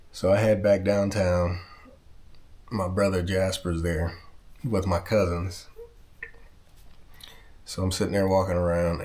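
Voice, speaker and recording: The man telling this story has a very deep voice and a loose, rambling delivery. He swears freely, circles back to correct himself, and keeps a casual, conversational tone throughout his vlog. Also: a little mellow. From Southern California. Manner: rambling, profane, backtracks often. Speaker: vlogger.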